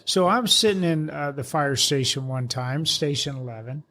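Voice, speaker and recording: Brief: higher-pitched male co-host, animated, rambling storyteller. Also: moderate pace, slight background noise. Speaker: co-host, retired fire officer. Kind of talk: casual storytelling chat.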